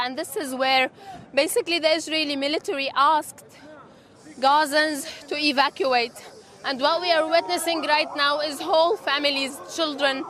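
A woman reporting live from outside a hospital, urgent and halting, with many fillers. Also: high voice, a bit bright. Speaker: field reporter. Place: outdoors at a hospital.

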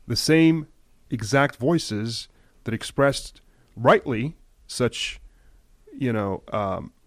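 A man giving impassioned news commentary, emphatic at times and dropping to a hushed, grave tone. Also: medium pitch, lively intonation, extremely slow, dry recording. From United States.

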